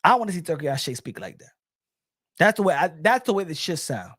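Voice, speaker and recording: A man's voice: on the high side, big pitch swings, a little fast, fairly bright tone, no room sound, clean studio sound. A man giving a casual boxing opinion rant, blunt, profane and mocking. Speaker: boxing commentator.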